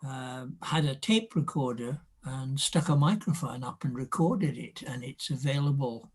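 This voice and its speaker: A man's voice: mid-range voice, husky. A man from Scotland who talks with a polished RP English accent, chatting casually and telling anecdotes. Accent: RP English with Scottish roots. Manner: chatty, anecdotal, slows for quoted lines. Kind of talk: casual chat on a video call.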